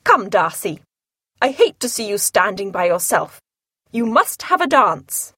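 A woman reading as an eager young gentleman. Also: medium pitch, very animated, measured pace, breathy edge, dry recording, clean studio sound, full character voice. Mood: coaxing. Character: cheerful friendly young gentleman.

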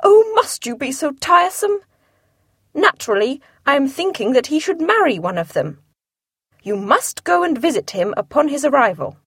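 A woman reading aloud and putting on the voice of an excitable, fretful middle-aged mother, high and emphatic. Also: normal speed, no room sound, clean studio sound. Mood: excited.

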